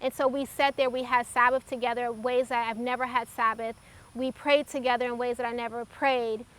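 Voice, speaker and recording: A woman telling a personal faith testimony in an earnest, reflective way, pausing often as she recalls events. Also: a little high, flat delivery, a bit bright. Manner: earnest, halting, reflective storytelling. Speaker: testimony speaker.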